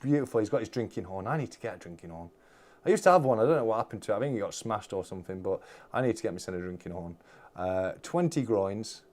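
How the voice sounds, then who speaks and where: A man's voice: lowish voice, lively intonation, quick pace, a little mellow. A man hosting a live-stream unboxing, talking casually and gushing with exclamations. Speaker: channel host.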